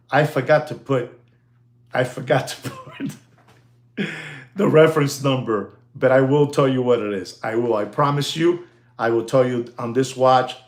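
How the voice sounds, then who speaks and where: Excitable man hyping watches. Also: medium pitch. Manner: animated, mixes Spanish exclamations into English, thanks viewers by name. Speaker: watch dealer hosting a live stream. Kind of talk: excited live-stream watch showcase.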